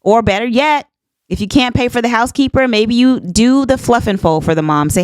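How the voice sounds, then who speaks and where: A woman's voice: a little high, fairly quick, smooth, dry recording. A woman in her fifties hosting a podcast, talking in an earnest, emphatic, folksy way and repeating herself for emphasis. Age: 50s. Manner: folksy, says "honey child" and "y'all". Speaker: podcast host. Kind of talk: casual monologue.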